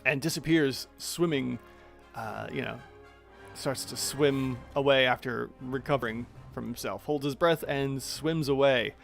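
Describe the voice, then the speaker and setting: A man's voice: medium pitch, measured pace, creaky, faint music behind. A man narrating a tabletop monster battle as game master, chatty and thinking aloud as he checks the rules.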